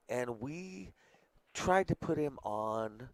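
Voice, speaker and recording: Gravelly-voiced male pool commentator. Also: lowish voice, a little fast, no echo. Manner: chatty, joking, drops to a hush during shots. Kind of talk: casual color commentary.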